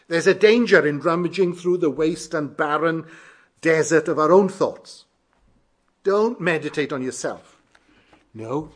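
A male preacher giving a sermon, emphatic, repeating phrases with shifting stress. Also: on the high side.

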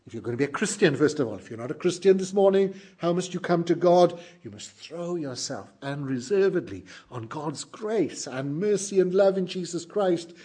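A middle-aged man preaching a sermon, earnest and emphatic, moving between loud exclamations and hushed lines. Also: on the high side, expressive, moderate pace, few pauses, slightly rough.

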